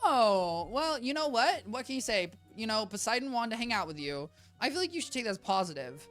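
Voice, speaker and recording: A young woman streams a game from her apartment and rambles playfully at her chat. Her voice is bright and swoops up and down. Faint game music plays behind her. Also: a little high, very animated, a little fast. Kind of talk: casual gameplay chatter. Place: home apartment.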